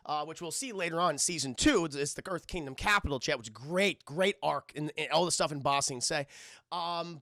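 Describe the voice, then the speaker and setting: A man's voice: a little high, vocal fry, bright, forceful tone, dry recording, clean studio sound. A man giving a casual, rambling and profane cartoon review on a live stream, often addressing chat.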